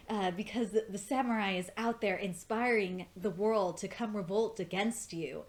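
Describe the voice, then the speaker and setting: An excitable woman talking straight through a fan review of a TV episode in a mid-range voice. She gushes, swears freely and laughs often. When she gets worked up, her voice leaps sharply upward. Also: medium pitch, normal speed, hardly any pauses, slight background noise. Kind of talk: casual fan review commentary.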